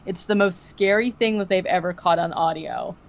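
A woman's voice: fairly low pitch, moderate pace, dull audio. A woman podcast co-host in casual chat, animatedly recapping a TV episode and acting out the quotes, with lots of "like" and "um". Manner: animated storytelling, acting out quotes, many fillers like "like" and "um".

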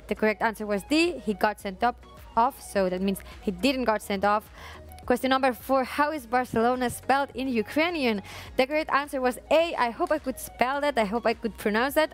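A bubbly woman reads out quiz answers and fan predictions on a live stream, breaking into giggles. Her voice is high and light, with faint music behind her. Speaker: quiz and fan-poll presenter. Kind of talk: casual live stream presenting.

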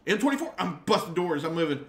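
Easygoing streamer in an echoey room. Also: male voice, sits high, sing-song, fast talker. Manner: easygoing, laughs often. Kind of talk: casual gaming banter. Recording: echoey room with faint noise.

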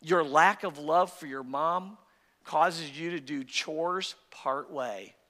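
A man's voice: on the high side, takes it slowly, sharp tone, big-room sound. A male pastor preaching a sermon with great passion, his voice rising and dropping, recorded in a church sanctuary.

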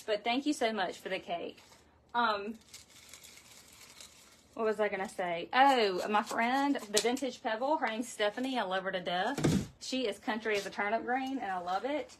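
Woman, slightly high voice, livestream craft host; chatty and greets viewers by name. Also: moderate pace, background noise. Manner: talkative, chats with live viewers by name. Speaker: wreath-making host. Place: home craft room.

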